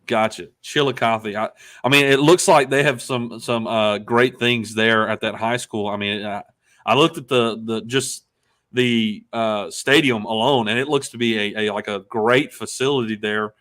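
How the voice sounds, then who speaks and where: A man's voice: fairly low pitch, fairly even intonation, normal speed, fairly bright tone. A man co-hosting an interview show, friendly and upbeat, with lots of fillers. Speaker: podcast co-host. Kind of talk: casual interview chat.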